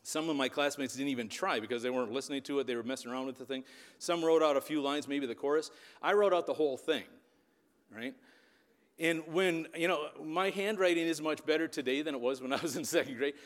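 This man speaks quickly in a fairly high voice, his words echoing with the long reverb of a big hall. He's a preacher and youth leader in his fifties from the Upper Midwest of the US, telling a sermon story and often checking in with listeners.

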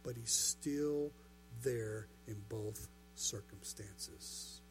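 A man's voice: fairly low pitch, very slow, noisy background. A pastor preaching a sermon, building his points through rhetorical questions and repetition.

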